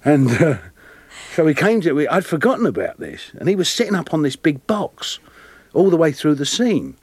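A man with a Cockney accent, a guest actor telling lively anecdotes with frequent laughter. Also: fairly high pitch, moderate pace, husky, no room sound. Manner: animated, laughing often, plays voices in his stories. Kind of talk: storytelling interview anecdotes.

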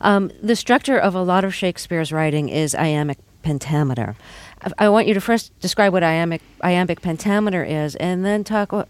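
Low-voiced woman radio host, dry studio. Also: normal speed, dry recording. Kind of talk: radio interview.

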